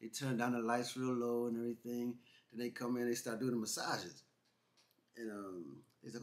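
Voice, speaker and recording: A man co-hosting a couple's vlog, telling a funny travel story in a casual, animated way and acting out what people said. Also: medium pitch, moderate pace. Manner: animated, laughing, imitates others in quotes. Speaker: vlog co-host.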